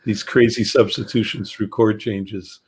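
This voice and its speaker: A man in a casual chat on a video call, enthusiastic and quick to agree. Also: lowish voice, fairly even intonation, breathy edge. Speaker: guest musician.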